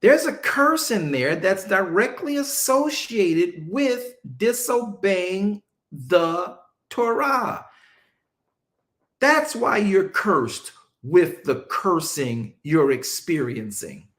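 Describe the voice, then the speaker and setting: A male preacher teaching a Bible-study sermon, emphatic and conversational, drawing answers from his listeners and slowing down to stress scripture. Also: sits high, sing-song, fairly bright tone. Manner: casual Southern-leaning vernacular, mocking asides.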